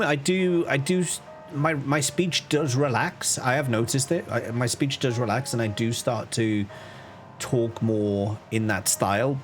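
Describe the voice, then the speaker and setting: A man with a faded Liverpool accent streams a game in casual, mid-pitched commentary. He thinks aloud and often restarts his sentences. Faint game music plays underneath. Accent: softened Liverpool. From Liverpool, England.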